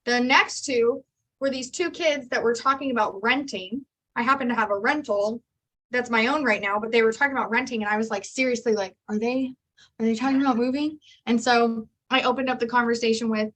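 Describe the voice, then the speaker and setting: A woman real estate agent telling lively stories and acting out her conversations in a training session. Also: on the high side, a little fast. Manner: animated storyteller, acts out dialogue.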